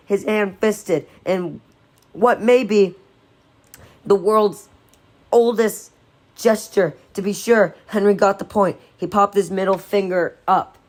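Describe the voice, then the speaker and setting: Low-voiced woman reading a novel aloud. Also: darkish tone. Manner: unpolished, with slips and self-corrections. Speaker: audiobook reader.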